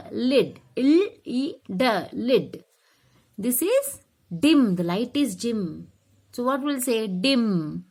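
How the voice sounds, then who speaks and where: A woman teaching a phonics lesson to young children, slowly sounding out letters and words one at a time. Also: on the high side. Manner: slow, sounding out letters one by one, sing-song.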